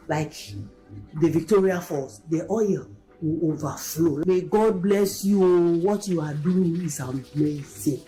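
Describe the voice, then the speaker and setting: A woman giving an emotional recorded testimony, excitedly calling the pastor by name again and again. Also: sits low, slow, rough recording. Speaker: testimony giver.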